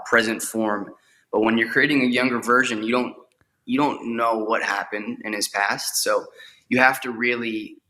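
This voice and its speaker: A young man with a bright, forceful voice and a fairly low pitch talks about his acting work in a relaxed interview. He is eager and open, and he often doubles a word as he looks for the next one. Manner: eager, repeats words as he talks. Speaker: actor guest. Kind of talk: casual interview.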